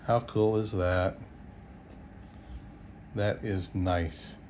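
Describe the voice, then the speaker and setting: Slow, mellow-voiced folksy man. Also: sits low, fairly even intonation, a little hiss or hum. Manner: chuckling, easygoing, folksy, thinks aloud. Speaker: coin roll hunter. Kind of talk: casual solo video commentary.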